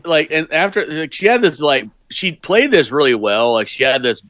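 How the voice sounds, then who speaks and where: A man co-hosting a podcast, chatting casually about old wrestling shows, halting with lots of fillers and quick to laugh. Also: a little high, animated, a bit bright, no room sound. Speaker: podcast co-host.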